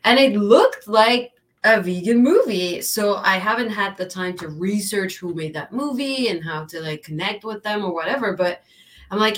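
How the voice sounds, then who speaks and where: A woman's voice: medium pitch, expressive, moderate pace. A woman co-hosting a casual livestream who speaks English as a second language, chatty and teasing. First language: not English. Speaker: co-host.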